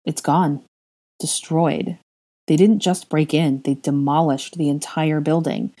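A woman voicing a grief-stricken young husband who speaks in a flat, halting monotone. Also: deep voice. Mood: numb.

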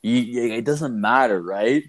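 A man's voice: medium pitch, slow. Man, 30s, casual storyteller; loose, cursing, filler-heavy delivery. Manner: profane, rambling, animated storytelling with heavy filler. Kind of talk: casual chat.

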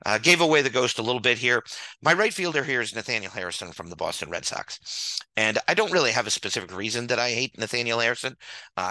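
A man's voice: lowish voice, sharp tone, no echo, poor audio. A man streaming a comedic angry rant, exasperated and sarcastic, swearing and hammering words through repetition. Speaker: streamer ranting about a baseball sim game.

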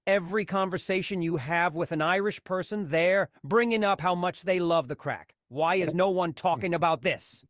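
A man who produces a podcast, telling a joke in a deadpan, casual way. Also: sits high, moderate pace, few pauses, dry recording, clean studio sound. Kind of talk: casual chat.

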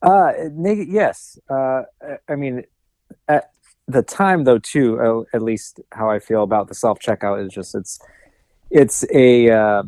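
A man's voice: mid-range voice, measured pace, a little mellow, no room sound. A man co-hosting a podcast, talking casually with hesitant starts and fillers. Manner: hesitant, lots of uh and restarts. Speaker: podcast co-host. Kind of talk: casual chat.

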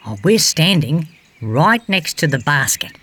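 A woman voicing a cheerful, fact-loving male green tree frog, gently guiding a children's storybook adventure and fond of silly jokes. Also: low-pitched, sing-song, measured pace, slightly rough, full character voice.

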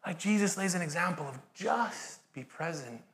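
A British man preaching a sermon in a church, with an animated, jokey and encouraging manner. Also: high-pitched, moderate pace. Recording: echoey church hall.

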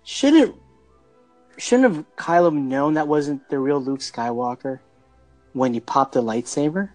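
A man's voice: fairly high pitch, expressive, unhurried, darkish tone, faint music behind. A man hosting a casual movie discussion podcast, talking in an enthusiastic, rambling way as he steers the conversation. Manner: enthusiastic, rambling, leading the talk. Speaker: podcast host.

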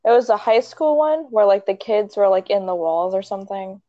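A woman's voice: mid-range voice, expressive, brisk, warm tone, no room sound, lo-fi sound. A young woman chatting casually, retelling a movie in a rambling way with many likes and ums and frequent laughs. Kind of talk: casual chat.

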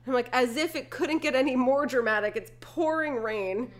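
A woman's voice: high-pitched, normal speed. A woman co-hosting a casual chat, retelling a film scene by scene and laughing often. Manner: laughs often, acts out quoted lines. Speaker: podcast co-host. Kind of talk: casual movie recap chat.

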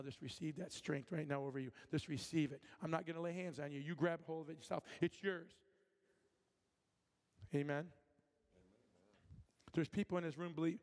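A man's voice: on the high side, steady tone, fairly quick, darkish tone. A man from Michigan preaching as a guest speaker, telling personal stories with acted-out voices and many restarts, then ministering directly to people in the congregation. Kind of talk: sermon with storytelling and prophetic ministry. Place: church sanctuary. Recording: long hall reverb.

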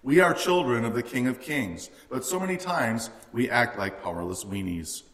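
A man's voice: medium pitch, big pitch swings, normal speed, a bit bright. Man preaching in a reverberant hall. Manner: earnest, rising for quoted lines. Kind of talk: sermon.

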